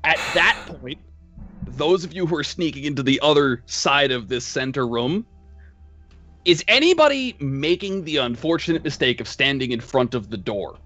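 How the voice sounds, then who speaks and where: A man's voice: a little high, animated, moderate pace, sharp tone, soft background music. A man narrating as game master, loose and profane, laughing between lines.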